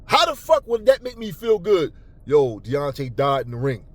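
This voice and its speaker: Man, higher-pitched voice, angry profane rant, stammering repeats, boxing talk host. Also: moderate pace, no room sound. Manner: heated, profane, repeats words when worked up; calmer and lower later on. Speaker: boxing commentary channel host. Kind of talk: angry unscripted rant to camera.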